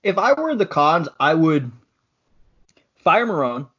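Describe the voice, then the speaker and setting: Man, sports podcast co-host, slightly high voice, petty, joking, muffled lo-fi sound. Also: sing-song, slow, fairly bright tone, a little hiss or hum. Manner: petty, joking, role-plays as a general manager. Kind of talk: casual sports podcast chat. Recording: dull lo-fi podcast audio.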